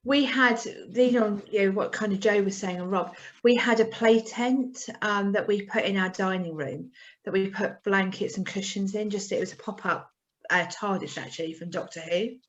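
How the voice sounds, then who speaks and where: A woman at a middle pitch explains practical tips as an adoptive parent. Her voice comes through dull, lo-fi video call audio. She speaks in a casual, explanatory way. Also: normal speed. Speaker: adoptive parent on the membership team. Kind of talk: casual webinar talk.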